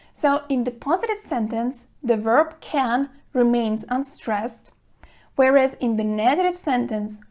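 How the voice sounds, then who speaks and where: A woman teaching an English grammar lesson to camera, speaking clearly and deliberately, stressing words to show pronunciation. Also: on the high side, darkish tone. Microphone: phone camera.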